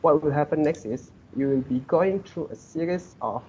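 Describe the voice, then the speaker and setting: A young man from Malaysia presents a student project on a video call. His voice sits a little high and he explains step by step with a few filler words. The audio is dull and lo-fi with faint background noise. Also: normal speed. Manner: explanatory, steady, slightly hesitant with fillers.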